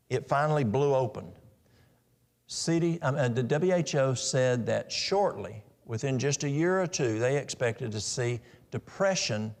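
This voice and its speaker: A man's voice: mid-range voice, gravelly. A middle-aged man giving a practical, story-filled health talk at a church in a folksy manner. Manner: folksy, practical, tells stories.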